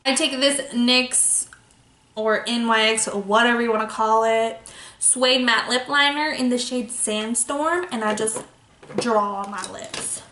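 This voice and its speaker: A woman's voice: a little high, measured pace, sharp tone, a little hiss or hum. A young woman talking casually through her makeup routine as a beauty vlogger, playful and self-mocking in her asides. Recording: echoey room.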